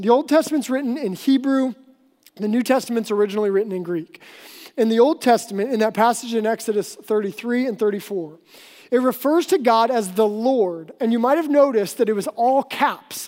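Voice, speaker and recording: A woman pastor preaching a sermon, explaining earnestly and slowing down for emphasis. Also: a little high, a little mellow. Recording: long hall reverb.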